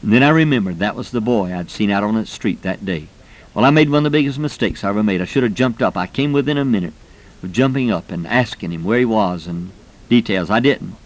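Give me a folksy male preacher telling a lively story to a congregation. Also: quick pace. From Florida, US. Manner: folksy, animated storyteller who acts out quoted voices with rising pitch. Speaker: preacher teaching personal evangelism. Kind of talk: storytelling sermon.

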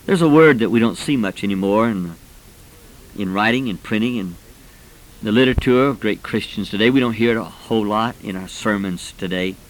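A man's voice: lowish voice, fairly quick, poor audio. A man in his forties preaching a sermon, fervent and rising to emphatic peaks as he tells personal stories. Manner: personal storytelling.

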